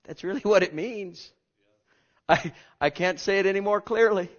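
Impassioned preacher, hushed to booming, lo-fi. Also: male voice, moderate pace. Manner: swings from hushed murmurs to loud exhortations. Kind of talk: sermon.

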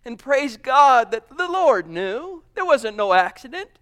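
A man preaching a sermon, fervent, swinging between loud exclamations and hushed asides. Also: very high voice, very animated, unhurried, smooth.

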